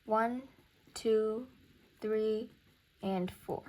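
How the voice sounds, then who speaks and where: A woman's voice: on the high side, steady tone, drawn-out words, darkish tone. A young woman teaching music theory in a casual recorded lesson, thinking aloud and counting beats.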